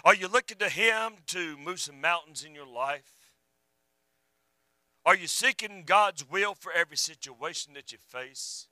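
Man preaching, high bright voice, dry close sound, fervent then hushed. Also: animated, unhurried, dry recording, rough recording. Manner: fervent, rising and falling, drops to a hush. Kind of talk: sermon.

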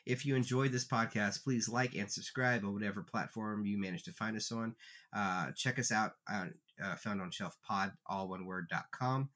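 Male podcast host, bright tone, chatty, loose and self-correcting. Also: on the low side, normal speed. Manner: rambling, self-correcting, laid-back. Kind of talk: casual movie-review chat.

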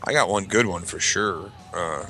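A man's voice: deep voice, moderate pace, faint music behind. Profane rambling storyteller man. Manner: rambling, profane, acts out shouted quotes. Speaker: podcast co-host telling a story. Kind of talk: casual storytelling among friends.

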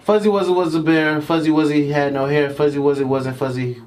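A man's voice: a little high, steady tone, a little fast, a little mellow, low-quality recording. A man who is a guest on a podcast, laid-back and jokey in casual banter.

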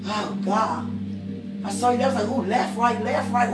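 A high-pitched woman shares a casual faith testimony, swinging between soft musing and loud, emphatic outbursts. Her voice rings in a roomy, echoing space, with music playing behind it. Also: steady tone, moderate pace.

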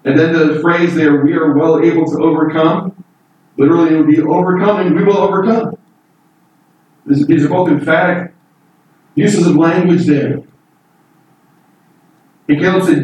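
A man's voice: on the high side, fairly even intonation, moderate pace, pauses often, darkish tone, highs cut off. A man preaching a Bible sermon in an earnest, emphatic way, voice lifting on key points. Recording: echoey room from far off with faint noise.

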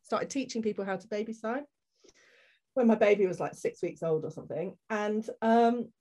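A woman with a mid-range voice speaks at a normal pace as a podcast guest, candidly telling a personal story. She's animated and acts out the people in it.

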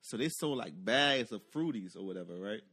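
A man telling a long personal story in casual chat, animated and profane, acting out the voices of the people in it. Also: fairly low pitch, a little fast.

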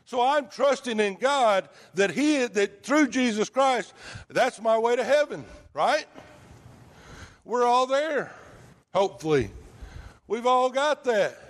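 A man's voice: extremely high pitch, expressive, slow pace, pauses often. A man preaching a sermon in a conversational way, asking the congregation rhetorical questions.

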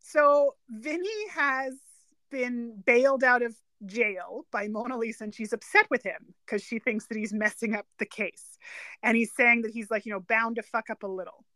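A woman's voice: fairly high pitch, pushed and bright, no room sound, rough recording. A woman from Canada co-hosting a podcast, chatting casually and enthusiastically about a favorite film. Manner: enthusiastic, quick to quote and laugh. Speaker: podcast co-host. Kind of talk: casual chat.

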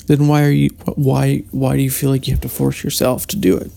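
Male podcast host, deep fry in the voice, soft warm tone, musing solo talk full of restarts. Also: monotone, a little fast, few pauses. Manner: meandering, many restarts and hesitations. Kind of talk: reflective solo monologue.

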